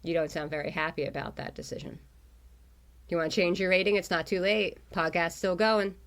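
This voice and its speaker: A woman's voice: lowish voice, fairly even intonation, brisk. A woman co-hosting a book club podcast, talking casually in a wry, teasing way. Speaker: podcast co-host.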